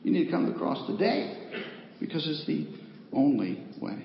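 A male pastor preaching a sermon to a congregation, swinging from loud declarations to quiet pleas. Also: fairly high pitch, sing-song, moderate pace, creaky. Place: church sanctuary with a congregation. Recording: echoey hall, dull lo-fi sound with faint noise.

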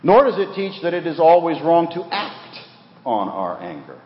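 A man preaching a sermon with earnest emphasis, rising for key points and dropping low, in a church sanctuary. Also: sing-song, normal speed. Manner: earnest, rises for emphasis then drops low, repeats words. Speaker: pastor. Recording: dull roomy recording with long reverb.

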